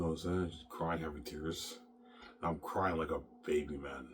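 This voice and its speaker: A man with a very deep, low-pitched voice delivers a rambling monologue. He trips over repeated words, restarting again and again, and swears freely as he goes. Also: steady tone, normal speed, a little hiss or hum. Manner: repetitive, stammering, profane.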